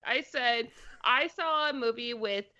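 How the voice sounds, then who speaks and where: A woman co-hosting a comedy podcast, tossing off quick jokes. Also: a little high, sharp tone, highs cut off. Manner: joking, quick quips. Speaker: co-host. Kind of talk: casual comedy podcast chat.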